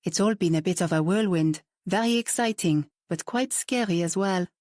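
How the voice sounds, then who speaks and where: A woman voicing a soft-spoken, hesitant young woman designer with a French-tinged accent, in a storybook reading. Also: fairly low pitch, normal speed, no echo, studio quality, close to an everyday voice. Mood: pleased.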